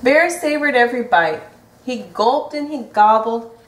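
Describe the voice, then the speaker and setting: A woman reading a picture book aloud to children in a gentle, sing-song way. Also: on the high side, animated, a little slow, slight background noise. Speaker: storybook reader. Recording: roomy echo from a distant mic.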